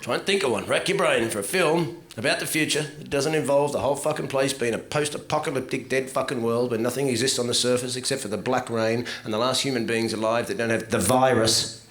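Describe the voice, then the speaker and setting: A man doing a profane stand-up routine, swinging from low muttering to loud ranting outbursts. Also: a little fast. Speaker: stand-up comedian. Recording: live club recording with audience laughter. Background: crowd laughter.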